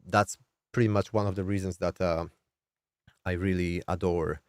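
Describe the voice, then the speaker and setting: Low nasal man explaining music software. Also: moderate pace, clean tone, dry recording, clean studio sound. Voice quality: nasal, throat-squeezed. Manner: relaxed, thinking aloud with fillers. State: strained voice. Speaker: music producer streaming a session. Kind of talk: casual live-stream tutorial.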